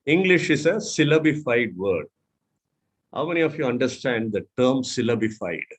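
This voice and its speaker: A man's voice: mid-range voice, big pitch swings, moderate pace, breathy edge. Indian man teaching word stress. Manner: spells out letters and repeats words for emphasis; asks the audience questions. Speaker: mentor. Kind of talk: instructional talk.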